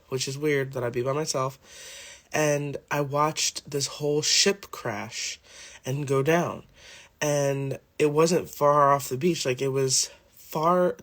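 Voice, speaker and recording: Just-woken man rambling casually. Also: medium pitch. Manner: rambling, heavy use of "like" and "um". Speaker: vlog host. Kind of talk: casual rambling vlog chat.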